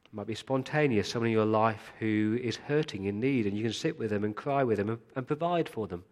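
A man's voice: fairly low pitch, a little fast. A male pastor giving a sermon, speaking earnestly and appealing directly to his congregation.

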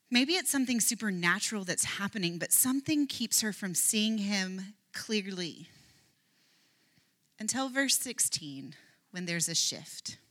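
Bright-voiced woman giving an earnest Bible talk. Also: medium pitch. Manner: earnest storytelling, soft near-whispered at moving moments. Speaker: Bible teacher.

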